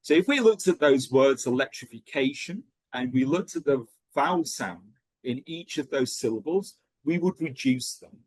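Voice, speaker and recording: A man's voice: mid-range voice, expressive, moderate pace, darkish tone, dry recording. A man training teachers, explaining pronunciation methods step by step and checking in with a frequent "okay?".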